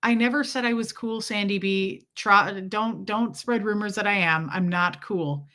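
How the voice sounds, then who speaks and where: A woman's voice: medium pitch, unhurried, a bit bright. A woman hosting a casual livestream from home, telling a rambling story and greeting viewers. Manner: rambling, chatty storytelling with asides to viewers and pets. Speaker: livestream host.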